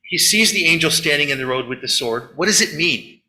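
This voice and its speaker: Male rabbi giving a sermon, bright and tense tone, roomy echo. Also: on the high side, fairly quick. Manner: animated storyteller, acts out quotes, chatty asides. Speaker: rabbi leading a Shabbat service. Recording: echoey room.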